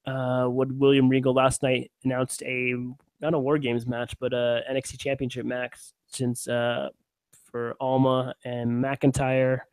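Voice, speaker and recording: A man's voice: mid-range voice, completely flat delivery, measured pace, darkish tone, clean tone, no room sound. A man co-hosting a wrestling podcast, chatting casually, laughing easily and using many fillers. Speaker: podcast co-host. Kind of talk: casual chat.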